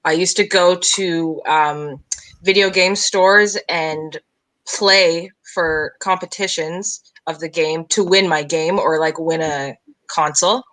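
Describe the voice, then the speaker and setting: Bright-voiced woman chatting casually. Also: deep voice, steady tone, slow pace, rough recording. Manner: chatty, self-deprecating, trailing fillers. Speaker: podcast guest. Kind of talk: casual chat.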